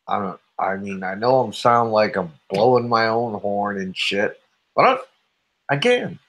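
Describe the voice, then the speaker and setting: A man hosting a rowdy online radio show, spouting "facts" with mock-serious swagger. He talks slowly with a lively, swooping pitch and laughs often. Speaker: podcast host. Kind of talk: casual chat, trash talk.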